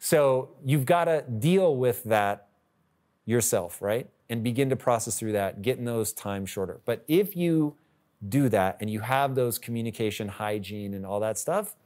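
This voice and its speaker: A man's voice: medium pitch, expressive, a little slow, darkish tone. Blunt, emphatic male podcast host. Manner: blunt and emphatic, swears casually. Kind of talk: candid advice talk.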